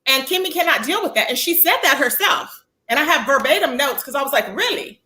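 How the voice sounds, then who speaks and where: A woman's voice: high voice, animated, quick pace, sharp tone. A woman hosting a casual livestream, chatting animatedly about online drama and greeting viewers by name as baby and child. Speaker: livestream commentary host.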